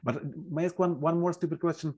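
Man asking halting questions at a seminar. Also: a little high, steady tone, darkish tone, slightly rough. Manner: halting and apologetic, many fillers. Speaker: audience member asking questions.

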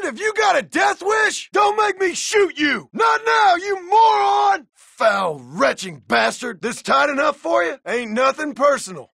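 John Marston, a gravelly gunslinger. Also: male voice, very high-pitched, sharp tone, no room sound, full character voice. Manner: barking threats and dry taunts. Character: gruff hardened male frontier gunslinger. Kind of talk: video game voice acting.

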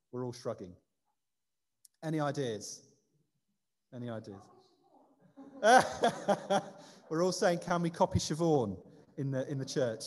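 A man leading a light-hearted quiz in a church service, chatty and self-deprecating. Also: fairly high pitch. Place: church building. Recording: long reverb of a church hall.

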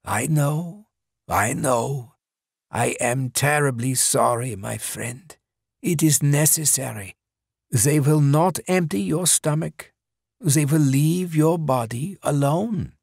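A man voicing a courteous older killer who speaks in a measured, coldly apologetic way. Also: a little high, creaky, a little mellow, husky, dry recording, studio quality, pitched above the performer's own voice, full character voice. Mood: gently regretful. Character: polite murderous older man with lead.

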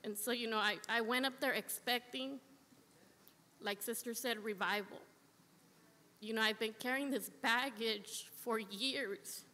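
At a church service, a woman gives a heartfelt personal testimony as a church member, speaking earnestly and repeating phrases for emphasis. Her voice is on the high side, with fairly even intonation, a slightly slow pace, and a sharp tone. The sanctuary is echoey, with long reverb.

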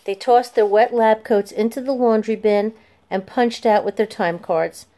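A woman narrating a children's chapter book aloud in a clear, steady storytelling voice. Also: fairly high pitch, unhurried.

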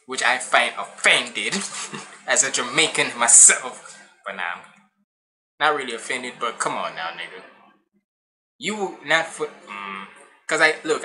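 A young man with a very bright, sharp-edged voice, giving casual reaction commentary. He talks loose and slangy, swears freely and breaks into laughs easily. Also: fairly high pitch. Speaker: reaction video host.

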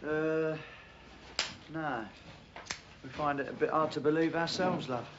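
An actor playing a cocky, joking young builder with a Geordie accent in a 1980s TV comedy-drama, matey and kind at heart. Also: male voice, on the high side, steady tone, unhurried, lightly acted. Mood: steady, kindly. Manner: joking, matey, calls people love and son. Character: cocky young male builder abroad, jokey but decent. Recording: dull lo-fi TV audio, faint hiss.

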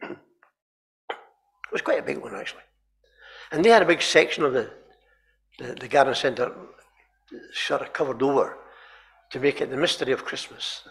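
A man preaching a sermon in a chapel, telling stories animatedly and often repeating words and clearing his throat. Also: medium pitch, animated, normal speed, pauses often, a bit bright.

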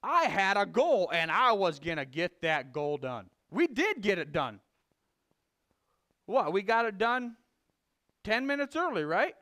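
High, animated man preaching. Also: measured pace, pauses often. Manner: folksy storytelling with frequent restarts; swings between loud emphasis and quiet confession. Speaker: lay preacher. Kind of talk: conversational sermon.

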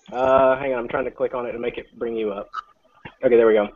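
A man chatting casually on a live video call, joking and laughing between quick directions. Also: medium pitch, steady tone. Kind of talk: casual chat. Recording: phone-like video call line, faint noise.

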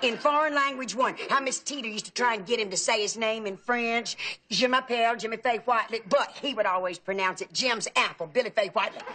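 An actress playing a talkative, fussy aunt in a sitcom. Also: female voice, a little high, pushed and bright. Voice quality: talkative, fussy about pronunciation. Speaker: Aunt Frida, chatty relative. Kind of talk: sitcom acting. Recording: TV sitcom audio with audience laughter.

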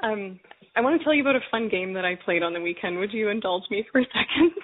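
A woman's voice: medium pitch, lively intonation, fast, slight background noise. A woman guest in casual conversation who talks with enthusiasm, often laughs and repeats her words. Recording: tinny phone line.

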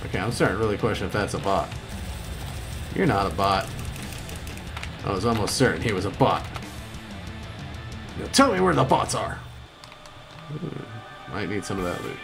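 A man hosting a gaming video, giving excitable gameplay commentary and yelping high when things go wrong. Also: fairly quick, long pauses, over music. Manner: excitable, yelps high-pitched when upset.

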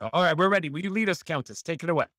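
A man's voice: on the high side, bright, forceful tone, no room sound, clean studio sound. A man in his fifties hosting a podcast, upbeat and enthusiastic in casual interview chat, laughing often. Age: 50s. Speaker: podcast host.

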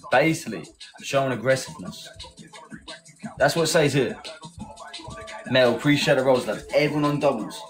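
A man's voice: mid-range voice, moderate pace, long pauses, rough recording. A man from England hosting a casual live stream, chatting, thanking viewers and rallying his team. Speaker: livestream host. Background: loud music.

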